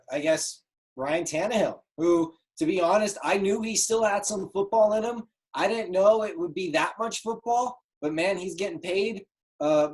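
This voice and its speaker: A young man co-hosting a casual sports talk show, chatty and jokey with quick interjections. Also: a little high, a little mellow. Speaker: podcast co-host, mock draft participant.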